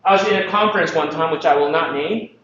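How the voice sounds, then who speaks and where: A man from the Philippines giving a lively conference presentation, joking and asking the audience questions. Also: a little high, fast, slight background noise. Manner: jokey, asks the audience questions. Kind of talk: live presentation talk. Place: conference hall. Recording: distant mic, echoey hall, dull sound.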